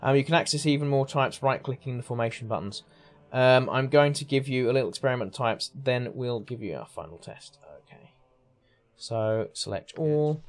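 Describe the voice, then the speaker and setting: A man's voice: medium pitch, normal speed. A man giving casual, rambling commentary while playing a video game, chatty and easily sidetracked. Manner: chatty, rambling, self-interrupting. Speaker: gaming streamer. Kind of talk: casual let's-play commentary.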